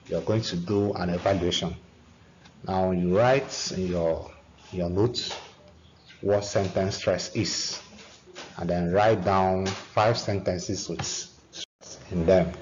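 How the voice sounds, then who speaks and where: A man teaching an English grammar lesson, talking slowly with frequent restarts and repeated words. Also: sits low, a little mellow. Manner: slow, halting teacher talk with repeated restarts. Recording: dull lo-fi recording with faint noise.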